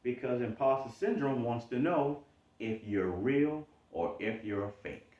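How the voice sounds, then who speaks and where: A man coaching on self-improvement in a monologue, animated, sometimes mocking his own doubts in a higher voice. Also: unhurried. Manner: animated, acts out inner doubting voice in high mocking tones. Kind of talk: explanatory monologue. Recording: dull roomy sound from mic at a distance.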